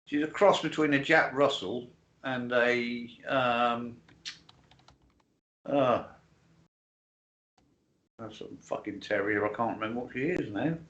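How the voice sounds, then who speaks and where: A man's voice: mid-range voice, slow pace, pauses often, a bit bright. An older man co-hosting a casual livestream chat, rambling and plainspoken, with frequent swearing. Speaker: co-host.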